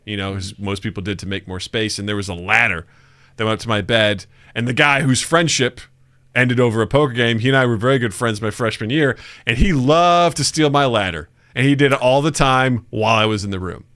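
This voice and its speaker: Forties male podcast co-host, bright tone, animated storyteller. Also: mid-range voice, a little fast, no echo. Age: 40s. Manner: animated storyteller who acts out quotes loudly and laughs often. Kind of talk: casual chat, storytelling.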